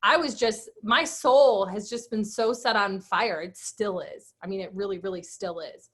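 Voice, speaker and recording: A woman's voice: mid-range voice, normal speed. A woman in her thirties, a guest speaker, telling her personal story with emphatic energy and acted-out quotes. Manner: animated, emphatic, acts out quotes.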